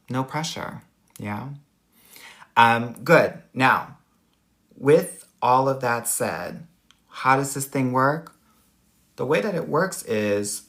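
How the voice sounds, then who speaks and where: Male dating coach, middle-aged, Valley Girl accent, campy and sassy, unhurried delivery, live-stream chat. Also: mid-range voice, a bit bright. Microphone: phone or laptop mic, livestream.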